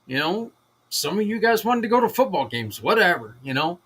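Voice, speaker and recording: A man's voice: high voice, big pitch swings, a little fast, a bit bright, husky. Rambling, upbeat man hosting a community show. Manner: rambling, enthusiastic, with restarts. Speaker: host. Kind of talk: casual livestream talk.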